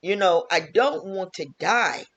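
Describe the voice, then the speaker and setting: A woman's voice: lowish voice, animated, a little slow, lo-fi sound. A woman, a health vlogger and teacher, talking earnestly and repetitively in a casual home wellness vlog from her kitchen.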